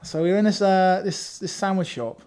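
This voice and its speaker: A man's voice: sits high, normal speed, a little mellow. A man who writes for a games magazine, telling a wry, self-mocking anecdote in casual podcast chat.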